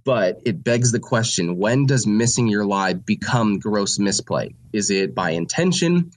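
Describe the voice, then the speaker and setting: A man's voice: lowish voice, animated, unhurried. A man with a sick voice, a listener asking a question in a recorded message and explaining it step by step.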